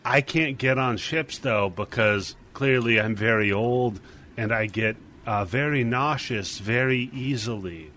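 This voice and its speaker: A man's voice: medium pitch, a little slow, bright, forceful tone, slight background noise. A man putting on a frail seasick old man. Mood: fussy.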